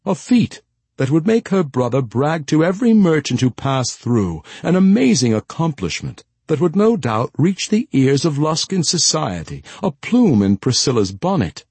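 Sly old steward, coaxing and formal, raised husky tone, lively lilt, read by a man. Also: a little high, normal speed, dry recording, pitched above the performer's own voice, full character voice. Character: old wry male castle steward.

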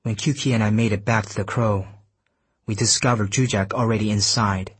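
A man giving measured, scripted first-person audiobook narration. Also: fairly low pitch, husky, no echo. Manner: steady, measured storytelling.

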